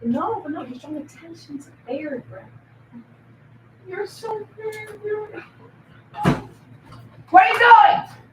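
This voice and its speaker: A woman on a rambling livestream rant, swinging erratically from mutters to shouted, sing-song accusations full of swearing. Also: extremely high pitch, lively intonation, slow, pauses often, distant mic, noisy background. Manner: profane and accusatory. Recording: echoey room, voice off-mic.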